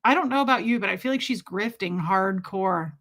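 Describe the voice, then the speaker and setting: A woman's voice: medium pitch, a little fast, a bit bright. A woman hosting a casual livestream, chatty and gushing as she greets viewers by name. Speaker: livestream host. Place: Kansas City area.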